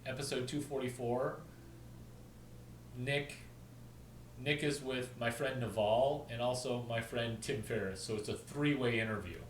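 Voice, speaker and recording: A man rambling through an offhand story, hopping from one topic to the next and pausing to spell things out letter by letter. He sits back from the microphone in a roomy space, so his voice carries a noticeable echo. A faint hiss of ambience sits under his talk. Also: mid-range voice, far from the mic. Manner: rambling, jumps between topics, spells out names. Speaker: video host.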